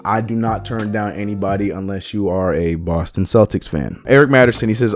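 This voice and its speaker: A young man hosting a sports channel, ranting in an animated, emphatic way and stretching words out slowly to hammer a point. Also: fairly low pitch.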